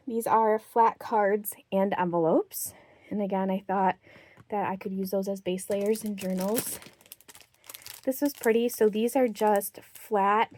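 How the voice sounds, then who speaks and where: Chatty, slightly breathless young woman vlogger. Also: mid-range voice. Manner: chatty, excited about bargains, reads out prices. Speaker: craft haul vlogger. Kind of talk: casual show-and-tell haul.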